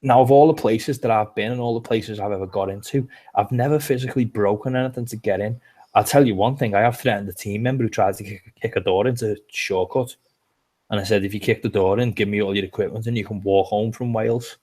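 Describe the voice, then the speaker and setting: A man's voice: on the low side, fairly even intonation, fast, warm tone. A man with a Liverpool accent, co-hosting a casual chat and telling rambling stories with lots of restarts. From England. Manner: chatty storyteller, rambling with restarts. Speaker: podcast co-host.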